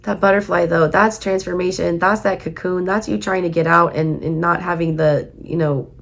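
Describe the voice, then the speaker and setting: A woman with a Southern US accent giving a casual tarot reading, emphatic and repeating her points, her voice going hoarse. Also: lowish voice, fairly even intonation, moderate pace. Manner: emphatic, repeats herself, urging viewers. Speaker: tarot reader.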